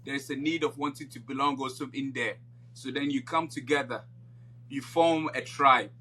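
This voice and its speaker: A man's voice: mid-range voice, fairly even intonation, normal speed, sharp tone. A man from Ghana co-hosting a podcast in casual chat, laying out his views at length and often checking in with "you know". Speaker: podcast co-host.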